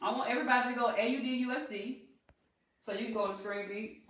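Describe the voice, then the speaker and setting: A woman with a Southern US accent leads a live-streamed trading lesson in a chatty, rallying tone. Her voice sits a little high and sounds far from the phone mic, with lots of echo around it. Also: fairly even intonation, fast, a bit bright. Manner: chatty, rallying, addresses viewers as y'all. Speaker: trading instructor. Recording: echoey room, distant from the mic.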